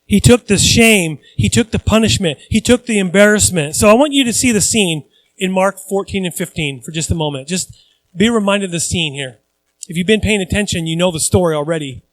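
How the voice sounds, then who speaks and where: A man's voice: high-pitched, fairly quick. A male pastor preaching a conversational sermon, earnest and repeating phrases for emphasis.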